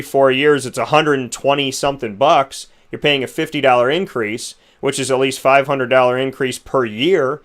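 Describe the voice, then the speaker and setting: A male host talks through his frustrations in loose, rambling commentary. He keeps asking rhetorical questions. His voice is smooth and resonant, at a middle pitch. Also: a bit bright. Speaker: show host. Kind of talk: opinion commentary.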